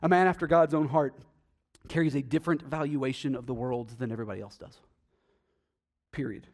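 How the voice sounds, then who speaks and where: A man preaching a sermon, emphatic and swinging between loud stresses and hushed, intimate asides. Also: medium pitch, fairly quick. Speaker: pastor.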